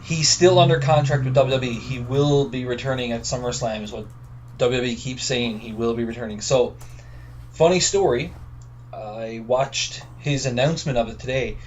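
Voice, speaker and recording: A man's voice: medium pitch, moderate pace. A man with a Newfoundland accent co-hosting a podcast over the phone from a remote work camp, wry and gossipy. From Newfoundland, Canada. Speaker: podcast co-host. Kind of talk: casual chat. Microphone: phone line. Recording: dull phone audio with faint noise.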